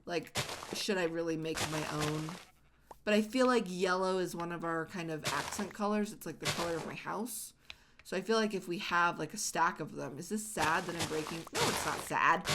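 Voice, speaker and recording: A woman's voice: on the low side, moderate pace, noisy background. A woman hosting a casual let's-play, chatting and rambling with lots of "like" fillers as she plays. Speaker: gaming channel host.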